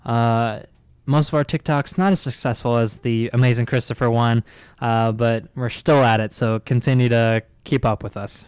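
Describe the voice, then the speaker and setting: A man hosting a podcast signs off and promotes the show's feeds. His voice is very smooth and clear, recorded close and dry, and his pitch sits in the middle. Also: steady tone, moderate pace, a little mellow, no room sound. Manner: friendly sign-off, plugs social accounts. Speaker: podcast host. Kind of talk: casual podcast wrap-up.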